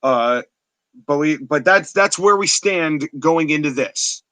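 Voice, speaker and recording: Bright-voiced chatty male podcast host. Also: on the high side, takes it slowly, dry recording. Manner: animated, chatty, with filler words. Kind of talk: casual storytelling recap. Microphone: live-stream setup.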